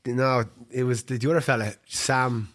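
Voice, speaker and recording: A man's voice: medium pitch, steady tone, normal speed, a bit bright. An Irish man co-hosting a podcast, chatting casually and laughing often. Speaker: podcast co-host. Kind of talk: casual chat.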